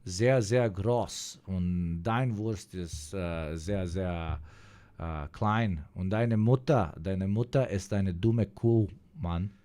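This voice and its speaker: A man voicing a crude, boastful German stereotype in an exaggerated mock German accent, slow and full of drawn-out fillers. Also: low voice, mellow.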